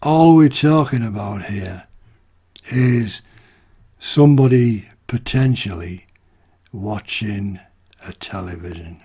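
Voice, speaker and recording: A man's voice: mid-range voice, very animated, takes it slowly, pauses often, warm tone, slightly rough. A man from the UK ranting to camera in a casual vlog, exasperated and rhetorical, constantly asking "right?". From United Kingdom. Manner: exasperated, rhetorical, peppered with "right?" and "you know". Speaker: vlogger. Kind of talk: casual opinion rant to camera.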